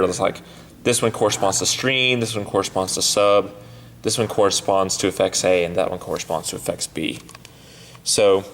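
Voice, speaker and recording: A man with a fairly low voice explains a mixing desk step by step, stopping often and restarting his sentences. His voice carries a long reverb, as if recorded in a large hall. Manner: halting, with many fillers and restarts. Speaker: sound technician. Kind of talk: instructional walkthrough. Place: church sound booth.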